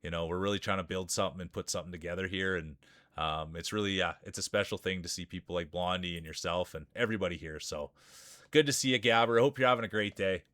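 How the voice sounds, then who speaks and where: Here he talks fast in a low, slightly bright voice, studio quality with no echo. The small-town Saskatchewan host, in his forties, keeps up rambling, hyped commentary and chat over live marble races.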